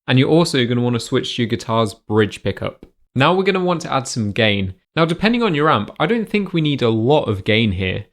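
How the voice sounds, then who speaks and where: A man at a mid-range pitch walks through guitar settings in clear, step-by-step narration. He sounds like a guitar teacher reading a prepared tutorial, with guitar heard around his voice.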